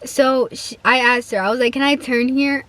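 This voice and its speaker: Speaking at a moderate pace in a high-pitched, slightly bright voice with fairly even intonation, a teenage vlogger rambles through a casual storytime. She leans heavily on "like" and acts out quotes. She grew up bilingual in a Spanish-speaking home.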